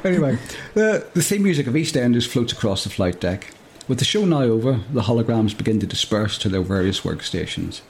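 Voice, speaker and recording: A man's voice: mid-range voice, expressive, fairly quick, few pauses. A man reading a comic story aloud, breaking off often to joke and laugh. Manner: jokey, laughs often, digresses. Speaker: storyteller and podcast host.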